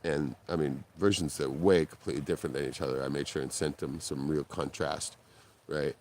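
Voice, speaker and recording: Speaking briskly over a faint hiss or hum, a man on a live stream tells a casual story. He's animated, swears freely, laughs often, and his pitch leaps whenever he quotes someone or breaks into laughter.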